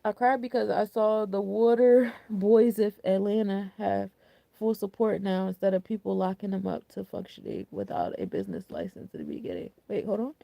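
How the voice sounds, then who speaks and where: A woman's voice: mid-range voice, expressive, moderate pace, creaky, mellow, no room sound. A young woman hosting a casual astrology and numerology forecast, chatty and candid, full of loose slang and filler words. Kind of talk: casual spiritual forecast talk.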